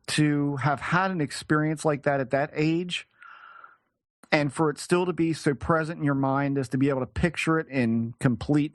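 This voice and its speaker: A man's voice: on the high side, no room sound. Male guest, hesitant storyteller, dry close recording. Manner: halting, searching for words, frequent restarts. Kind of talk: recounting a personal experience in conversation.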